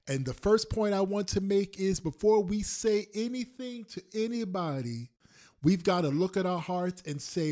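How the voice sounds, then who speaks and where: A male pastor preaching a sermon on a prayer call, repeating lines slowly for emphasis and swinging between loud and soft. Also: high-pitched. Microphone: phone call.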